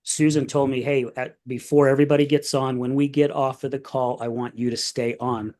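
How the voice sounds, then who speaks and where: An emotional man tells his story candidly on a podcast. His voice sits at an ordinary middle pitch. He talks in a loose, conversational way. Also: little pitch movement, a little fast, a little mellow. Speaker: podcast host. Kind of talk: casual conversation.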